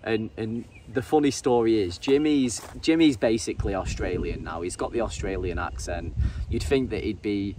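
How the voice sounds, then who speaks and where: An English man narrating his fishing vlog in a casual, halting way, often repeating words and saying um. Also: on the low side, warm tone. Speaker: angler and vlogger. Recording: distant mic with faint ambient noise.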